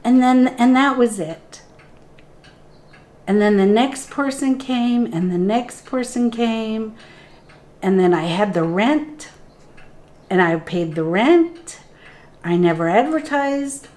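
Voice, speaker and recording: This spiritual guide, a middle-aged woman appearing as a guest in an interview, has a slightly high voice with a darkish color. Her telling is slow and sincere, and she re-enacts conversations from her past as though they were happening now.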